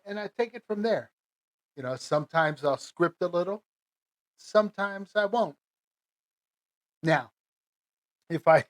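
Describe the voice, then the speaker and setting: Rambling, chatty podcast host man. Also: a little high. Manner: rambling, chatty, many fillers and restarts; chuckles between phrases. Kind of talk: casual solo podcast monologue.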